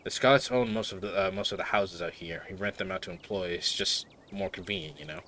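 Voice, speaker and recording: A man's voice: low voice, a little fast, fairly bright tone, slight background noise. A man reading the lines of a guarded young woman who runs the town mines, in a dry, matter-of-fact way. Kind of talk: reading game dialogue aloud.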